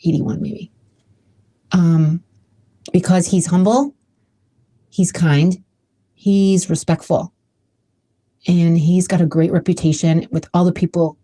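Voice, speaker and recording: A woman's voice: on the low side, warm tone. A woman hosting her own podcast, talking casually and emotionally with many restarts. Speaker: podcast host. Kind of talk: casual solo podcast talk.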